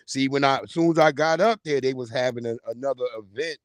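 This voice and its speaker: A man's voice: medium pitch, quick pace, no room sound. A man hosting a livestream, telling stories in a casual, profane comedic rant. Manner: animated, profane storytelling. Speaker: livestream host.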